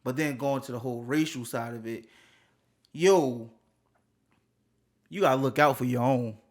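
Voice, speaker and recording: A young man co-hosting a podcast, talking casually and animatedly, with loud bursts and laughs. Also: mid-range voice, unhurried. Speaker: podcast co-host. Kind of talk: casual chat.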